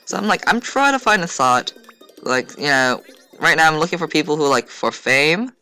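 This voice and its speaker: A man who hosts a gaming channel rambles chattily over his gameplay video, with plenty of fillers. He speaks at normal speed in a slightly high voice with lively intonation and a bright, forceful, clean tone, over soft background music.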